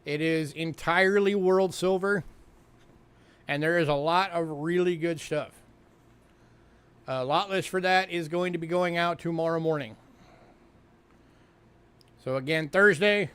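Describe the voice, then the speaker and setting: With a measured pace and long pauses, a New York man hosts a coin sale livestream, talking casually, chatty and full of fillers and repeated words. His voice is on the high side, fairly bright, clear and resonant.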